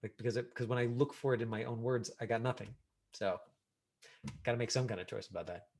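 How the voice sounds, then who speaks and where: Over a video call, a middle-aged acting teacher runs his online class in a casual, animated style, full of fillers and vivid examples. He's a fast talker with a voice in the middle range.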